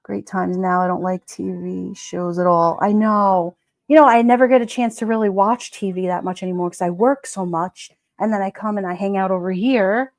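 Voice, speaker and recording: Giggly woman rambling to her stream chat, mid-pitch voice, dry close sound. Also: steady tone, normal speed, darkish tone, dry recording. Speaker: live stream host. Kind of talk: casual chat with viewers.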